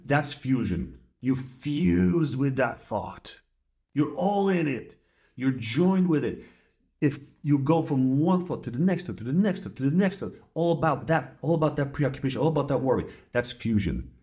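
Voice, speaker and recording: A man's voice: mid-range voice, expressive, normal speed, darkish tone. A man who works as a therapist, explaining a mindfulness exercise in a casual, conversational way and acting out anxious thoughts. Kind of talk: casual teaching talk.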